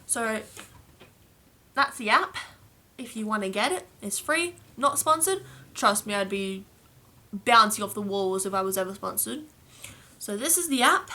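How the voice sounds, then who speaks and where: With a slightly high, pushed and bright voice, this young Australian vlogger from Adelaide plays around as she reads slang terms off a list. Her South Australian accent comes through as she chats and laughs at each entry.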